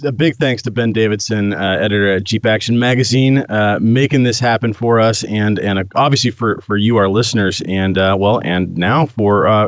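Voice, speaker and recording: A man hosting a casual talk podcast, relaxed and hesitant with many fillers. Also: lowish voice, no echo. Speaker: podcast host.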